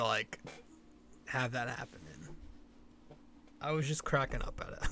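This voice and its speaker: A man's voice: medium pitch, normal speed, creaky, long pauses, a bit bright. A young man hosting a sports podcast, talking casually and bluntly, rambling and swearing freely. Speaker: podcast host.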